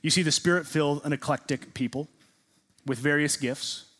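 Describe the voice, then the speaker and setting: A middle-aged male pastor preaching a sermon, swinging between loud emphatic peaks and quiet, drawn-out lines. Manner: dramatic swings between booming emphasis and hushed delivery; drawn-out, deliberate phrasing on key words.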